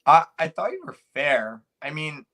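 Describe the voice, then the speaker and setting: Young man, podcast co-host, slightly high voice, hesitant, casual chat. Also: expressive, moderate pace, bright, forceful tone. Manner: hesitant, searching for words.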